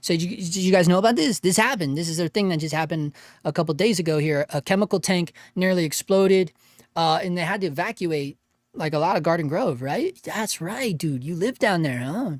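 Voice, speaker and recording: A man's voice: high-pitched, brisk, dry recording, studio quality. A man hosting a casual livestream, reading chat aloud in a laid-back way, laughing often and calling people dude and bro.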